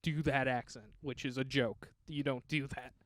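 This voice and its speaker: A man's voice: medium pitch, normal speed. A man co-hosting a casual movie podcast, giving blunt, strongly held opinions. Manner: blunt, opinionated, animated when riled. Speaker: podcast co-host. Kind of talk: casual movie review chat.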